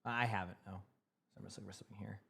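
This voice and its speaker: A man's voice: fairly low pitch, steady tone, rapid-fire, gravelly, bright, forceful tone, husky. A young man from Massachusetts with a light Boston accent, chatting casually on a live stream, reading chat aloud and rambling with lots of repeated words.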